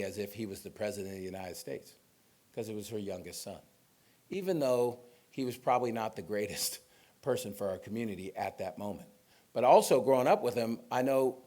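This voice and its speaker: A middle-aged man gives a talk to an audience and tells personal stories in an easy, conversational way, with fillers and asides along the way. His voice sits a little low. He speaks as a police chief from Sacramento. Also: darkish tone. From Sacramento, California. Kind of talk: informal speech to an audience.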